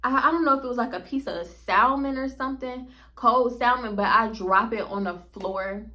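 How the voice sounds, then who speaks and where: A woman vlogger telling a story to her viewers in a casual, animated way, often laughing and speaking straight to them. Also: fairly high pitch, normal speed.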